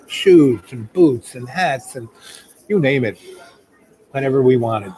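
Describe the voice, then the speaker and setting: A man hosts a live chat, spinning a long personal yarn in a mid-pitched voice. His delivery is loose and chatty, stacked with fillers and restarts as he meanders along. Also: darkish tone, poor audio. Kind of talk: rambling personal storytelling.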